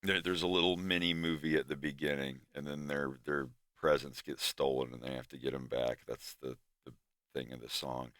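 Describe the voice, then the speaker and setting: A man's voice: extremely low pitch, steady tone, moderate pace, fairly bright tone, dry recording, clean studio sound. A man from Florida with a Southern drawl, chatting casually on his stream and often restarting his sentences. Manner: rambling, restarts often, laughs easily. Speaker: animator and streamer.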